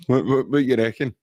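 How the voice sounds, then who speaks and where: A Scottish man hosts a relaxed podcast chat in a mid-pitched voice. He talks chattily, laughs a lot and often restarts his sentences. The sound is dry, with no room echo. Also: slightly rough. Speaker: podcast host.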